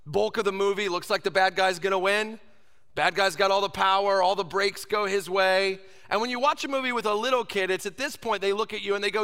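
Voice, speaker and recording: A man in his thirties preaching a sermon, swinging from loud emphasis down to soft whispers. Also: high voice, brisk, smooth, big-room sound. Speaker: pastor.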